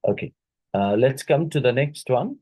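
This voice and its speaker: A man with an Indian English accent teaching exam questions, repeating key words and filling pauses. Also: medium pitch, lively intonation, dark tone, slightly rough, dry recording, rough recording. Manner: slow, repeats key words, many fillers. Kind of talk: exam question-and-answer lecture.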